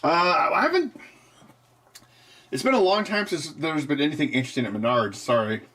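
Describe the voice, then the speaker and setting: A man's voice: a little high, expressive, normal speed, bright, forceful tone, breathy edge. A man hosting a live stream, chatting casually and wryly while tinkering and testing gear. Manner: wry, offhand, laughs at his own jokes.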